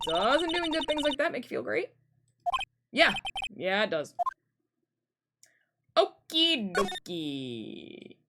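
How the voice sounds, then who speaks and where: A woman's voice: high-pitched, big pitch swings, normal speed, long pauses, very noisy. A woman streamer reading game dialogue aloud and making sarcastic asides between the lines, with game music playing behind her. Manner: swings between character voices and sarcastic asides.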